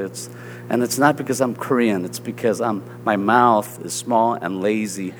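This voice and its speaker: A man's voice: fairly low pitch, normal speed, long reverb tail, slight background noise. A man with a Southern US accent preaching a sermon as pastor, earnest and conversational, often checking in with his listeners.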